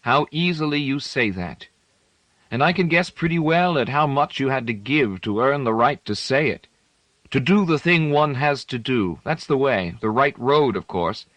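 A tormented young male poet pours out his feelings with fierce, impassioned intensity, as a man reads him aloud. His voice sits noticeably higher and louder than the surrounding narration. The sound is dry and close. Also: animated, normal speed, dry recording, lightly acted. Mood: rueful. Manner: impassioned, rising to tearful.

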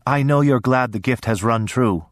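A man voicing a worried, gentle mother who asks anxious questions, in a storybook reading. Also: medium pitch, normal speed, no echo, studio quality, natural voice.

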